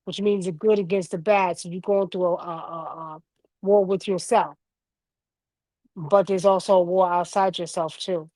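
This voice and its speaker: A woman's voice: on the low side, fairly even intonation, moderate pace, warm tone, no echo. A woman in her fifties hosting a livestream, teaching spiritual ideas in a casual, earnest, preachy way and speaking straight to her viewers. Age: 50s. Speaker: livestream host.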